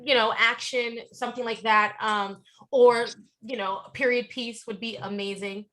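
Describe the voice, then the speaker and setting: A woman with a New York accent talks in a high, bright voice. She chats casually as an interview guest, animated and quick to laugh. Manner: lively, laughs often, animated storytelling. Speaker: actress guest.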